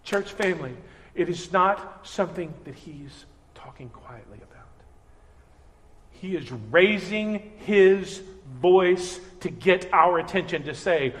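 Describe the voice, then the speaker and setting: A man preaching a sermon as pastor, earnest and animated, acting out everyday voices. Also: high-pitched, slow. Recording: reverberant hall.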